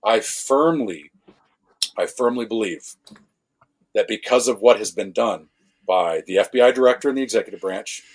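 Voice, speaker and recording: A man, a former law enforcement officer, tells animated stories on a podcast, acting out quotes and correcting his own swearing. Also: fairly low pitch, normal speed, long pauses, husky. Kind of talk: casual storytelling conversation.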